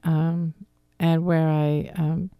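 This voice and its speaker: A woman's voice: deep voice, little pitch movement, extremely slow, dark tone, smooth, no room sound. A middle-aged woman from the Philadelphia area, with some Boston accent, telling stories as a guest in a radio studio interview. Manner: rambling, friendly storytelling. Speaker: guest, divorce coach.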